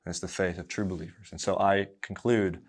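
A man preaching a sermon, building with rising emphasis on repeated phrases and dropping to quiet tenderness. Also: low voice, fairly even intonation, fairly quick, slightly rough.

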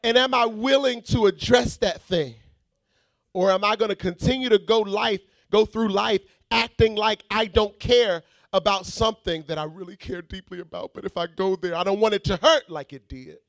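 A man preaching a sermon, swinging from shouted prayer to quiet teaching and calling out to the congregation. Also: high-pitched, normal speed, vocal fry, no room sound, studio quality. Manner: calls out to the congregation.

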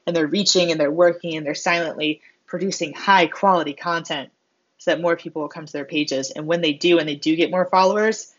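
A woman delivering a motivational monologue, expressive and self-mocking, acting out the voices she quotes. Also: low-pitched, fairly quick. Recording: slightly dull lo-fi sound.

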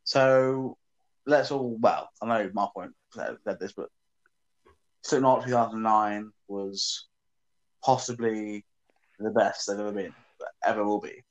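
A man in casual chat, offhand and quick to swear and laugh. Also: on the low side, steady tone, dull audio.

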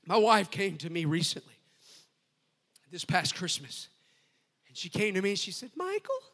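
High-voiced man preaching at a youth camp. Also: moderate pace. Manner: fiery, shouting call-and-response preaching; relaxed storytelling with jokes. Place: youth camp meeting room.

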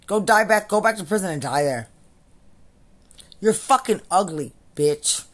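A woman's voice: medium pitch, animated, measured pace. A woman and military veteran delivering an angry, profane and repetitive ranting monologue.

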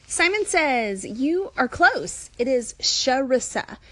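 A woman's voice: high voice, big pitch swings, takes it slowly, fairly bright tone, no room sound. A woman from Alabama with a Southern American accent, chatting casually in a phone call-in, friendly and full of fillers. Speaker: new podcast app user on call-in.

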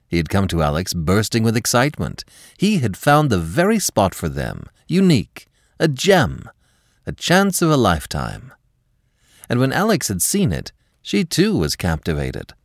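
A man with a deep voice reads a classic story aloud as a podcast host, shaping each sentence with dramatic, expressive storytelling. His pitch swoops widely through the narration, and the sound is close and dry with no room around it. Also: dry recording.

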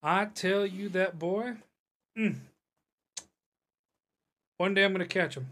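A game master playing a grumpy old dwarf man, sputtering and grumbling slowly. He mutters his threats under his breath in a homemade tabletop game. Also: medium pitch, a bit bright.

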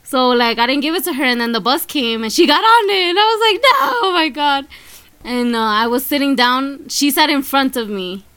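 A woman's voice: high voice, lively intonation, fairly quick, few pauses, fairly bright tone, smooth. A woman with a Brooklyn accent co-hosting a podcast, telling a story in a laid-back, slangy way. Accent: Brooklyn, New York. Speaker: podcast co-host. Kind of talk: casual podcast chat.

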